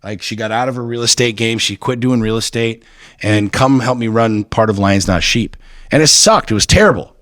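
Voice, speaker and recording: A man appears as a podcast guest, bluntly telling personal stories with lots of swearing and repeated words. His mid-range voice is brisk and fairly bright. The sound is clean studio audio with no room sound.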